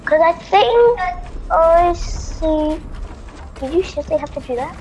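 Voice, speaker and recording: Woman gamer with a high, bright-pitched voice, excitedly bossing a teammate around over noisy game sound. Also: slow, muffled recording. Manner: excited, bossy calls to a teammate. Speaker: gamer playing with a friend. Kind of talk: casual gameplay chat.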